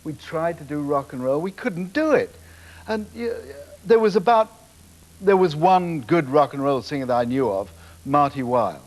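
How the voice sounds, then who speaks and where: An older man, a TV producer, telling lively anecdotes on a talk show, acting out voices and laughing often. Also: a little high, moderate pace. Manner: animated storyteller, acts out voices, laughs often. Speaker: TV producer, guest. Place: TV studio.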